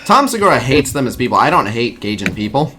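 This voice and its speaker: A man's voice: mid-range voice, very animated, fast, bright, forceful tone, a little hiss or hum. A man streaming a mobile game, chatting casually in a blunt, joking way and swearing freely.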